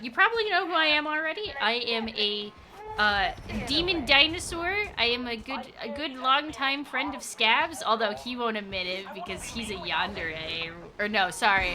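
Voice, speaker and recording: A young adult woman streaming a game live, chatting casually, swearing freely and yelping when startled. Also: on the high side. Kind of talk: casual chat while gaming live.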